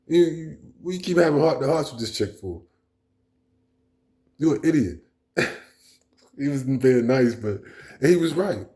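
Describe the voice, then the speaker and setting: A man's voice: medium pitch, animated, a little slow, pauses often, mellow. A man delivering a blunt, profane, rambling monologue as a vlog host. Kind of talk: casual monologue rant.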